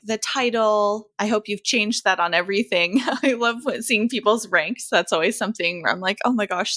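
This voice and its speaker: A woman's voice: medium pitch, a bit bright, no room sound, studio quality. A woman hosting a casual podcast chat, asking friendly questions and giggling along. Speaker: podcast host.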